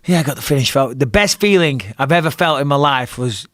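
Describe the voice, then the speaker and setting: A man's voice: on the high side, lively intonation, brisk, a bit bright, no echo, clean studio sound. A middle-aged man from England with an English accent, telling a fight story in casual talk, swearing and acting out his own lines. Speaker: guest, retired fighter.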